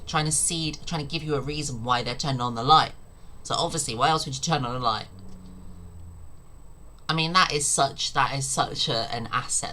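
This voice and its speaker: A woman's voice: a bass voice, sharp tone. A woman streaming her reactions to videos, mocking and sarcastic, swearing and laughing often.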